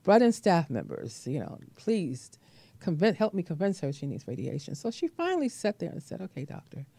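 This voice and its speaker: Host, woman, very low mellow voice, dry close sound, affirming and gentle. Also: very animated, normal speed, breathy edge, no echo. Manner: affirming, frequent mm-hmms, gentle storytelling. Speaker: talk show host, nurse practitioner. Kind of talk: supportive interview talk.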